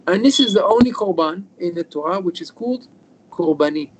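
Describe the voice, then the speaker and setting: A rabbi whose voice sits high talks a little fast through an informal Torah lesson on video, captured in a rough recording with slight hiss or hum. Animated in his storytelling, he acts out what people said and drops in Hebrew expressions.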